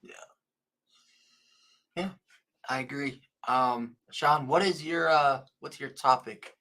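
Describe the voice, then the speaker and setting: A man hosting a casual sports podcast, laid-back and quick to laugh. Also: medium pitch, pushed and bright. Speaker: podcast host.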